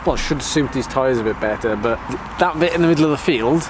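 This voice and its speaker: Man, casual rambling talk, outdoors, clear background noise. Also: medium pitch, fast talker. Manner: rambling, casual, thinking aloud. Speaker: vlogger and amateur cyclocross racer. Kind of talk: casual vlog chat to camera. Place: outdoors at a muddy cyclocross course.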